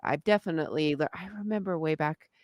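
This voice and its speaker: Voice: mid-range voice, quick pace, dry recording, clean studio sound. A co-host musing aloud in a reflective talk, with trailing sentences and many fillers. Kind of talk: reflective conversation.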